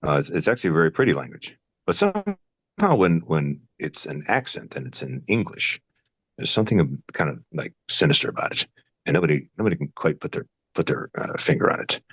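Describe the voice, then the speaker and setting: A man's voice: very deep voice, big pitch swings, brisk, fairly bright tone, husky, no echo. An older man, an actor guest, musing in a casual interview, rambling with many fillers and restarts.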